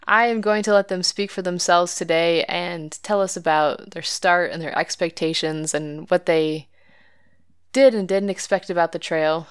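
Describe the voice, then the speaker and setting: A woman's voice: fairly low pitch, smooth, no room sound, clean studio sound. A woman hosting a hiking podcast, telling a story about herself in a candid, self-deprecating way with light laughs. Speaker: podcast host. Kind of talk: scripted podcast narration.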